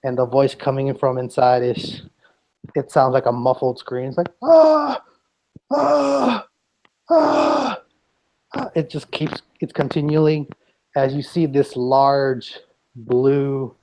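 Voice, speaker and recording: A man's voice: medium pitch, little pitch movement, measured pace, warm tone, low-quality recording. A man narrating a tabletop game as game master, describing scenes with frequent restarts.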